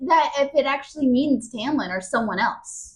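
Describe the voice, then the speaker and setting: Relaxed woman co-host with a fairly high voice, casual and conversational. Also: normal speed, roomy sound. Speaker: podcast co-host. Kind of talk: casual book-club chat.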